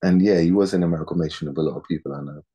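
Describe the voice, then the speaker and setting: A man's voice: low-pitched, fairly even intonation, racing, warm tone, husky. A man in his thirties, an actor chatting casually in an interview, laid-back and slangy, often repeating words as he thinks.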